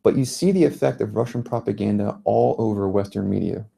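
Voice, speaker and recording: American man in his thirties, mellow tone, earnest speaker at a lecture. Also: lowish voice, creaky, breathy edge. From United States. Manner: earnest, measured storytelling. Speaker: journalist giving a talk. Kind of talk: public speech. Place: lecture venue.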